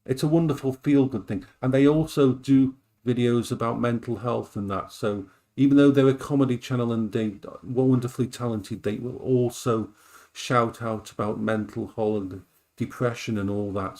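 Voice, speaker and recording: A man chats casually while he cooks on a live stream. He rambles, restarts his sentences and often repeats himself. His voice sits at an ordinary middle pitch for a man. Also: steady tone, normal speed, a little mellow.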